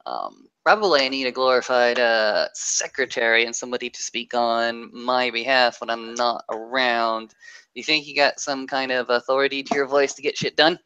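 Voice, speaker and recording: Bright, crisp-toned game master, casual and wry, running a tabletop session. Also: medium pitch, no room sound, highs cut off. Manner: casual, wry, quick asides. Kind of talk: tabletop role-play narration and in-character talk.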